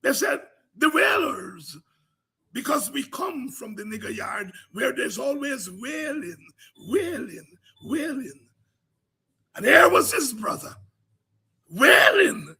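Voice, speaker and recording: Guyanese man, political host, bright piercing tone, swooping lively pitch, impassioned oration. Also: takes it slowly, gravelly, pauses often, husky. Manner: preaching cadence, rising to cries and shouts.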